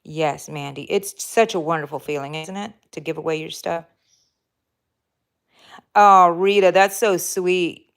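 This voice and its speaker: A woman's voice: fairly low pitch, unhurried, creaky, long pauses. Chatty woman hosting a crochet livestream. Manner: chatty and warm toward viewers, rambling with fillers and self-corrections; talks while crocheting. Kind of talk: casual live-stream chat reading out viewer comments.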